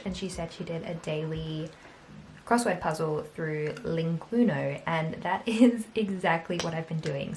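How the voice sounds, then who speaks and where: Brief: young Australian woman, laid-back vlogger, lower register, faint music underneath. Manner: chatty, self-deprecating, laughs often. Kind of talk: casual chat to camera.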